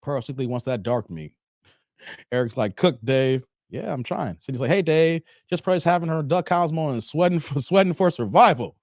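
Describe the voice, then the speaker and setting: A man's voice: on the high side, lively intonation, normal speed, a little mellow, dry recording, clean studio sound. A middle-aged man hosting a livestream, reading chat comments and joking loosely with viewers.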